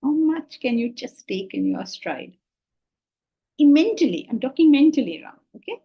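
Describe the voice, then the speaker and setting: A woman from India, teaching a spiritual class on scripture in an animated, questioning way. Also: sits high, moderate pace, creaky, breathy edge, muffled recording. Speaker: Vedanta teacher.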